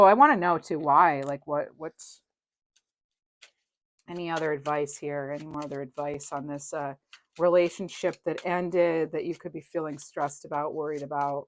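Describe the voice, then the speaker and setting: A woman's voice: deep voice, fairly even intonation, a little slow. A woman doing a casual, chatty tarot reading to her viewers, reassuring and rambling with fillers. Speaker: tarot reader.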